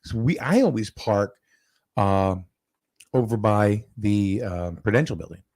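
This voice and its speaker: A man's voice: fairly low pitch, expressive, measured pace, a little mellow, no echo. A man hosting a casual chat, telling a long story with lots of fillers and restarts. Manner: rambling, with many fillers and restarts.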